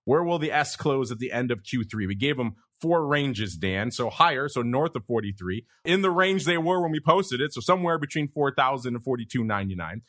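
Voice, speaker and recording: A man's voice: medium pitch, lively intonation, brisk, hardly any pauses, a bit bright. A man hosting a podcast, reading out poll results in a joking, upbeat way. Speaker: podcast host. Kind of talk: casual podcast chat.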